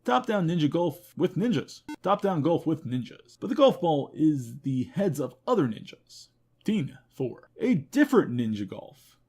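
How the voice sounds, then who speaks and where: A man hosting a game news show, running through a list of games with quick wry comments and self-mocking asides. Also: on the high side, a little mellow, husky. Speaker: host. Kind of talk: rapid game review roundup.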